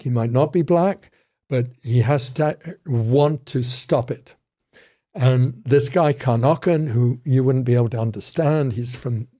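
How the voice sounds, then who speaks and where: A man's voice: medium pitch, warm tone. An older man, a criminology professor, telling rambling stories with frequent restarts in a casual interview.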